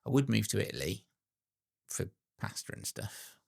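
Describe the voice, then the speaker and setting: A man's voice: lowish voice, big pitch swings, normal speed, creaky. A man hosting a podcast, chatting casually and teasing his guest. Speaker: podcast host. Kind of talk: casual chat.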